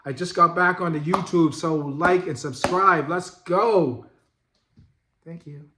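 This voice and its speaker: A middle-aged man hosting a vlog, telling a story in a loose, profane, animated way and laughing as he goes. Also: on the high side, slow, noisy background. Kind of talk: casual storytelling. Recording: echoey room.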